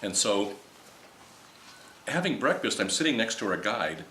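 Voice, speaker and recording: Low-voiced man telling a story in a roomy hall. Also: unhurried, slight background noise. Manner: animated, rambling with restarts, acts out quoted dialogue. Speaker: presenter telling a personal story. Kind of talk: casual storytelling to a group. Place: meeting room with a live audience. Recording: roomy hall with faint ambience.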